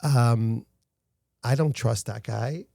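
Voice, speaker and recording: Middle-aged male guest, gravelly, earnest storyteller, dry close sound. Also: medium pitch, slow pace, dark tone, dry recording. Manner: earnest storytelling, frequent restarts. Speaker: guest, founder of a rescue organization. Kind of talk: casual interview talk.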